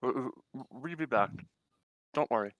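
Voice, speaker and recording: A man's voice: mid-range voice, lively intonation, a little slow, a bit bright, dry recording, poor audio. A man doing a nervous little kobold. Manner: broken simple grammar, stammering. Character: small nervous male kobold fighter.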